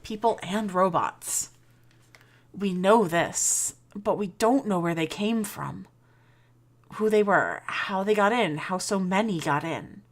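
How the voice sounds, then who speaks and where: An actress playing a commanding, secretive elderly professor in video game dialogue, speaking with grave, measured authority. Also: female voice, medium pitch. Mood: urgent.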